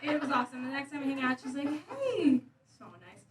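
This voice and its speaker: High-voiced woman doing stand-up. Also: big pitch swings, fairly quick, heavy background noise. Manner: conversational, self-deprecating, jumps into acted quotes. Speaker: stand-up comedian. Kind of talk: stand-up set. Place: comedy club stage. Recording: roomy club sound from a distance, loud crowd laughter. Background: audience laughing.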